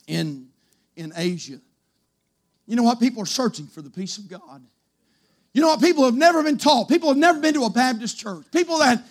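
A male preacher giving a sermon in church, swinging from shouted exclamations to a hushed near-whisper. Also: very high voice.

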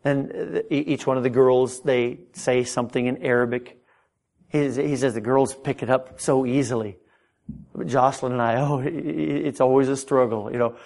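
A middle-aged man preaching a sermon in a church. His delivery is impassioned, with frequent stammered restarts, and his pitch climbs when he gets stirred up. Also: steady tone, normal speed, gravelly, darkish tone. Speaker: pastor. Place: church sanctuary.

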